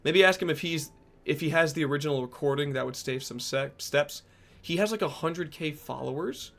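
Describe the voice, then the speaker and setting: A young streamer with a fairly high, creaky voice speaks at a moderate pace as he casually reads and answers chat messages. He jokes, swears and breaks into sudden loud outbursts.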